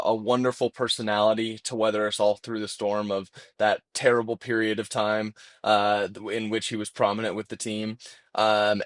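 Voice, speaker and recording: A man's voice: lowish voice, no echo, studio quality. A man co-hosting a casual football podcast, speaking earnestly with plenty of fillers. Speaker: podcast co-host.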